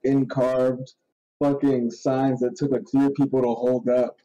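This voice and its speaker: A man's voice: medium pitch, little pitch movement, measured pace, mellow, lo-fi sound. A man hosting a podcast in casual chat, ranting in a rambling, profane way and laughing often. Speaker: podcast host.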